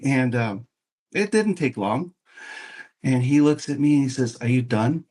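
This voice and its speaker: A man's voice: medium pitch, unhurried. A man in his fifties telling a long personal story as a podcast guest, acting out the voices of the people in it. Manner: animated, acts out quoted voices. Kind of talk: casual storytelling.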